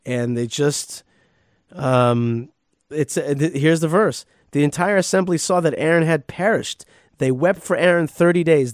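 A man, a rabbi, giving a casual Torah lesson in a somewhat high voice. He reads verses aloud and then riffs freely, with restarts and sudden emphatic outbursts. The sound is close and dry, with no room echo. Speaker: rabbi and podcast host.

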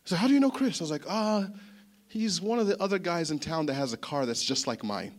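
A man preaching a sermon, telling a story in an animated, chatty way that often repeats words. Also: on the high side, fairly quick. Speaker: pastor.

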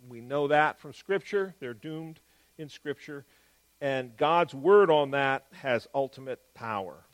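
A man giving an explanatory Bible teaching, stressing key words and moving between quick and drawn-out phrasing. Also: fairly high pitch.

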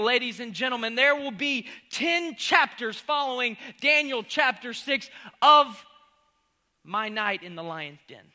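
A male pastor with a very high-pitched, animated voice delivers a humorous sermon at a measured pace. He swings between loud exclamations and near-whispers.

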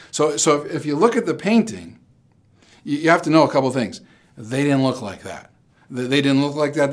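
A middle-aged male pastor giving a conversational sermon. He tells stories, puts direct questions to his listeners and often repeats words as he starts a phrase. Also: mid-range voice.

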